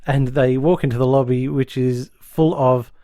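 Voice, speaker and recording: Male podcast host with a mid-range voice, dry booth sound, chatty plot recap with quick character voices. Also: medium pitch, steady tone, mellow, no room sound. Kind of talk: casual podcast chat.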